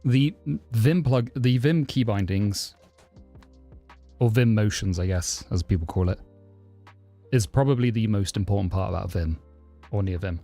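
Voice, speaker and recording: A man's voice: lowish voice, measured pace, faint music behind. Chatty southern English man streaming live. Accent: southern English, close to received pronunciation but less posh. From southeast London, England. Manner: chatty, answers chat questions, thanks subscribers warmly. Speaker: livestreaming programmer. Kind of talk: casual live-stream chat.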